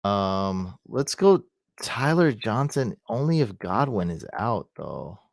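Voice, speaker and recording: A man's voice: on the low side, big pitch swings, slow pace, creaky, no echo, studio quality. A man giving casual fantasy football advice on a live stream, thinking aloud and answering questions from the chat.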